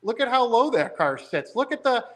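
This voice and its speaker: Guy with a pretty high voice going on about his car build, excited, rambles. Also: moderate pace. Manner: enthusiastic storyteller, rambling. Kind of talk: casual chat.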